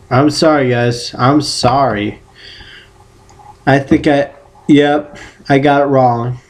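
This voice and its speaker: Man, casual vlog, unhurried delivery, rambling, self-correcting, playful outbursts. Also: mid-range voice, darkish tone, slight background noise. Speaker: vlogger giving football predictions.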